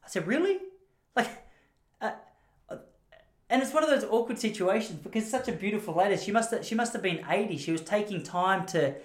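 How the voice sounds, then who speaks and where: An Australian man rattles through a rambling, self-deprecating story in a casual monologue. His voice sits a little high and moves quickly, and it bounces around a roomy, echoey space. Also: lively intonation. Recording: roomy echo.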